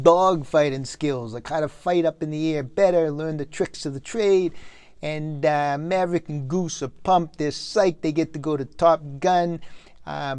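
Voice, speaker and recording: A man's voice: on the high side, darkish tone, clean tone, dry recording. A man playing a wise-guy movie critic, recapping a film in a rambling way with lots of fillers. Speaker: comic movie reviewer.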